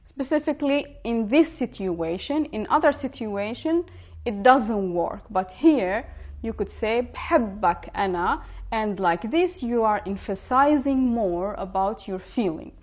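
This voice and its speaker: A woman with a fairly high voice gives an online language lesson. She speaks the example words slowly and carefully, as if for learners to repeat. The recording sounds a little dull and lo-fi. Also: animated. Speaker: language teacher.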